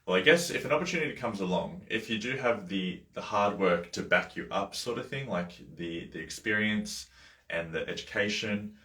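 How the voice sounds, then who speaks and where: A man with a deep, low voice talks through a Bible chapter on a livestream, drifting into coaching asides. He speaks casually, full of fillers and small self-corrections. The sound is roomy, with a noticeable echo. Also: lively intonation, moderate pace, sharp tone. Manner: loose and conversational, with many fillers, asides and small laughs. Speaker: life coach hosting a Bible study livestream.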